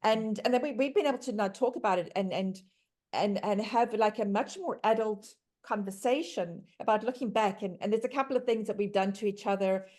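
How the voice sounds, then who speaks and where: A middle-aged woman tells family stories in a relaxed podcast chat. Her voice sits in a middle register, and she rambles and restarts as she goes. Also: medium pitch, brisk. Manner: rambling storytelling, frequent restarts and stammers. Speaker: podcast guest, mother. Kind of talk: casual chat.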